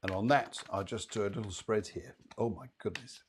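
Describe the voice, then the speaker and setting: A man's voice: fairly low pitch, a little fast, a little hiss or hum. A man hosting a live psychic show, giving readings in a chatty, rambling way with playful asides.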